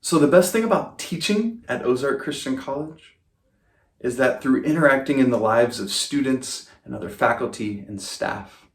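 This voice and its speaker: A man's voice: medium pitch, normal speed. A man who teaches at a college, speaking in an earnest, reflective way about his work with students. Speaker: professor. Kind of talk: testimony. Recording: roomy echo.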